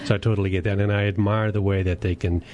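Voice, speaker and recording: This is a middle-aged man hosting a radio talk show, with a slightly low voice. He speaks in a loose, conversational way and often stammers over repeated words. A faint hiss sits under his voice. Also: little pitch movement, fast talker. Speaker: radio host. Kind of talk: radio interview, casual conversation. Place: radio studio.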